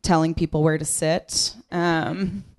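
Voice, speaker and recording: On a live comedy stage, a woman performs stand-up into a handheld mic with a dry, deadpan, self-mocking delivery. Her voice is deep and she speaks slowly.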